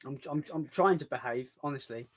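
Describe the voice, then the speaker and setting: A man's voice: mid-range voice, brisk, a little hiss or hum. Self-mocking man chatting as a guest. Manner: self-deprecating, laughs easily. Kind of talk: casual live-stream chat.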